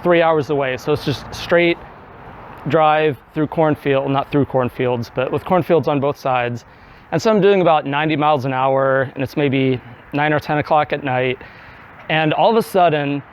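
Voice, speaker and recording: A man's voice: on the high side, slight background noise. A man in his thirties from Tennessee giving a conversational story speech, acting out his own past thoughts. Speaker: speaker giving a club talk. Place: indoor meeting room.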